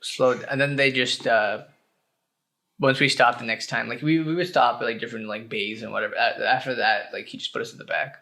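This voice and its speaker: A man's voice: medium pitch, steady tone, fairly quick, bright, forceful tone. A young adult man, a podcast co-host, chatting loosely and rambling, with casual swearing. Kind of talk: casual chat.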